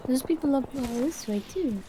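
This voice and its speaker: A woman playing a game with a streamer, chatting casually, playful and quick to swear. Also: high-pitched, animated, noisy background. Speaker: gaming teammate. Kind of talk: casual gaming chat.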